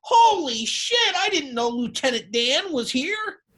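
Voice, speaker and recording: A man voicing a loud, proud, wealthy middle-aged dad with a high, nasal voice who blurts things out. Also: very animated, measured pace, slight background noise, exaggerated voice. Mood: mocking.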